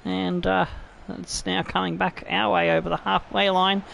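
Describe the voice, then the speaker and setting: A man's voice: high voice, normal speed, vocal fry. A man who hosts a gaming channel, commenting on his own football video game match with frequent laughter and swearing. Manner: laughs often, swears freely, excitable. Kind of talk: casual gameplay commentary.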